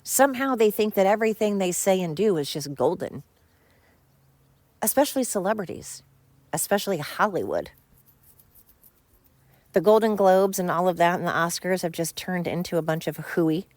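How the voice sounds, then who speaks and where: A woman's voice: on the low side, expressive, moderate pace, long pauses, a little mellow, no room sound. Blunt, exasperated woman ranting. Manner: blunt, crude, exasperated, rambling with fillers. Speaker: podcast host. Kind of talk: solo opinion podcast rant.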